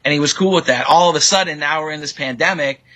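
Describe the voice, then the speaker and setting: A man's voice: a little high, fast, pushed and bright, poor audio. A man in a mediation show, casually joking and dodging questions about what he owes. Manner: joking, evasive, rambling. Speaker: roommate in a dispute. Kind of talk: casual defensive banter.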